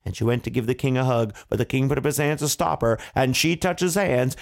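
Playful storyteller man, gravelly voice. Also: mid-range voice, fast talker, hardly any pauses, faint music behind. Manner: playful, chuckling asides to kids. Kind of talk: family storytelling.

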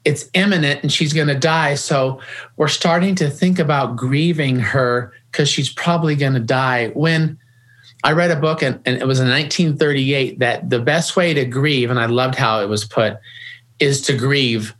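A man's voice: mid-range voice, moderate pace, a bit bright. Earnest middle-aged guy in an interview, keeps restarting his sentences, talks plainly. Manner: earnest, repeats and restarts words. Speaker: grief organization founder, guest. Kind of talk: conversational interview.

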